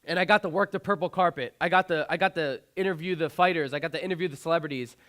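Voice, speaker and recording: A young man speaks from a conference stage in a somewhat high voice, telling a personal story with earnest warmth. He often circles back, restarting and repeating phrases as he builds the tale. The sound comes through a stage microphone. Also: fast talker. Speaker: motivational speaker. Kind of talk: inspirational keynote speech.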